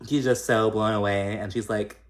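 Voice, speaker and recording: A man's voice: fairly low pitch, fairly even intonation, moderate pace. A man hosting a casual reality TV recap, chatty and gossipy, swearing freely and acting out what others said. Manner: chatty, profane, gossipy, acts out quoted lines.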